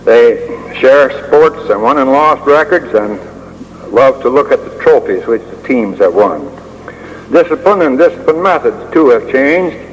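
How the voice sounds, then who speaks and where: An older man giving a prepared speech as a school administrator, measured and dryly humorous, pausing often with uh. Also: medium pitch, expressive. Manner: measured, with dry humor and frequent uh pauses. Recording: long hall reverb with faint hiss.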